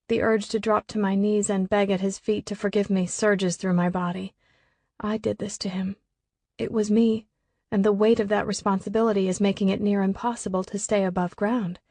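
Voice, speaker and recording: A woman reading a first-person audiobook in an even, expressive storytelling voice. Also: medium pitch, moderate pace, no room sound. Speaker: audiobook narrator.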